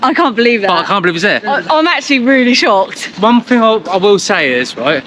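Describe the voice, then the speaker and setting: Man vlogger, high bright voice, excited and stammering, faint traffic behind. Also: fairly quick. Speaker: travel vlogger. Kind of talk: casual travel vlog chat.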